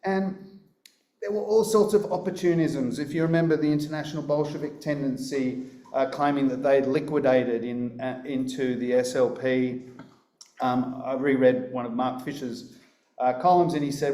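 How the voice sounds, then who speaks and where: Australian man, conference speaker, dry anecdotal delivery, warm tone, reverberant room. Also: mid-range voice, fairly even intonation, moderate pace. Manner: wry, anecdotal, hesitant with many fillers. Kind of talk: live conference talk.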